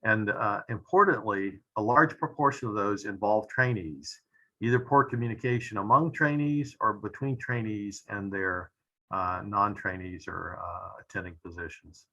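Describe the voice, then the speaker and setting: Bright-voiced man giving a medical lecture. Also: fairly low pitch, highs cut off. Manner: measured, frequent "uh" fillers, trailing off at phrase ends. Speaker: pediatric intensivist lecturer.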